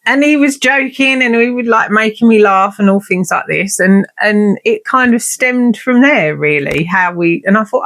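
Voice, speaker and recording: A woman's voice: medium pitch, vocal fry, a bit bright. A woman, hosting a podcast and telling a story in a blunt, sweary, chatty and self-mocking way. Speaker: podcast host. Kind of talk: casual storytelling monologue.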